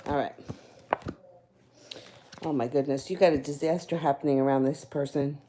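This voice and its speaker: A woman's voice: sits low, fairly even intonation, moderate pace, mellow. A woman giving tarot readings on a live stream, talking in a casual, rambling way, correcting herself and chuckling between phrases. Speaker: tarot reader.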